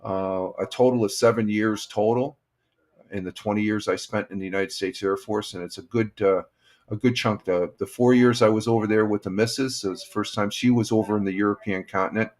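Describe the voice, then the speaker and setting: An older man from upstate New York hosting a live stream, casually chatting and reading viewer comments in a rambling, halting way. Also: fairly low pitch, fairly even intonation, a little mellow.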